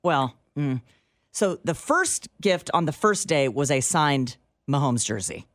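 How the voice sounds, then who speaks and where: Woman radio co-host, teasing banter, lively pitch, dry close mic. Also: measured pace, dry recording. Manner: chatty, laughs often, teasing. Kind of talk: casual on-air banter. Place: cold radio studio.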